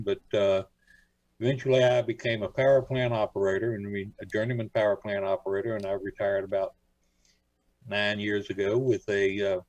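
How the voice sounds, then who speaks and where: On a rough, dry recording, a fairly low, dark-toned older man from Florida guests on a radio program. He spins stories in a meandering, folksy style during the casual interview, using plenty of fillers.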